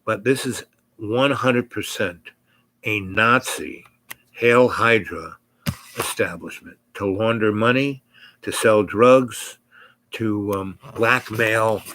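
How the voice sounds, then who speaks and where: A man voicing a young woman who confides a dark secret in a low, hushed manner. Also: slight background noise, poor audio.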